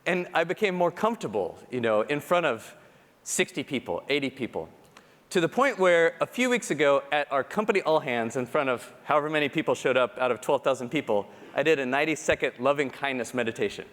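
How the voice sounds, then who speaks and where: A man giving a keynote talk, telling personal stories in an animated, self-deprecating way and acting out the people he quotes. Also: mid-range voice, a little fast. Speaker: conference speaker. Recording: long hall reverb.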